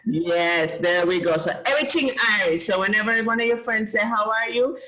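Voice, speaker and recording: A woman's voice: medium pitch, normal speed, pushed and bright, low-quality recording. Upbeat Jamaican woman teaching kids. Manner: encouraging and upbeat, praises often. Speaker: host teaching children. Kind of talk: casual teaching chat.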